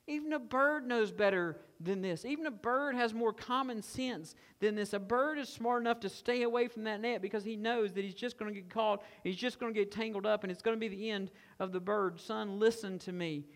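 A man preaching a sermon as pastor, animated, acting out a tempter's coaxing and a father's pleading. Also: sits high, brisk, hardly any pauses, in a large hall.

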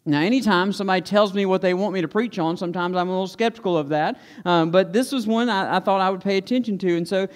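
High-voiced pastor in a reverberant church. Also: male voice, fast talker, hardly any pauses. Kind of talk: conversational sermon and prayer. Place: church sanctuary. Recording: long hall reverb.

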